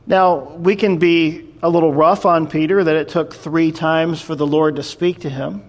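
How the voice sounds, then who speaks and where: Conversational male preacher, slightly high voice. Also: steady tone, moderate pace, few pauses. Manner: conversational storytelling, explaining scripture. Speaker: pastor. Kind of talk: sermon.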